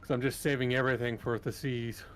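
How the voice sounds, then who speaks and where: A man in casual gameplay chat as a co-player, relaxed and offhand, with lots of "like". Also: mid-range voice, fast. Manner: relaxed, offhand, uses "like" a lot.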